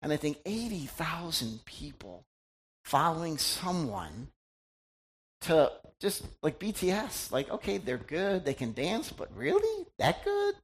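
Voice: mid-range voice, very animated, a little slow. A middle-aged pastor giving a conversational sermon, chatty and teasing, often quizzing the congregation.

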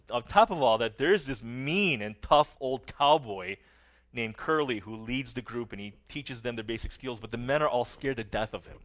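A middle-aged man preaching a sermon earnestly, his phrases often trailing off softly at the ends. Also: mid-range voice. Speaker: pastor.

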